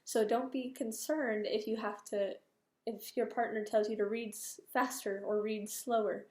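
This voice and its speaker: A young woman teaching a reading lesson, explaining steps to students in a clear, patient way. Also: a little high, steady tone, a little slow, darkish tone, roomy sound. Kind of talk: classroom lesson, micro-teach practice.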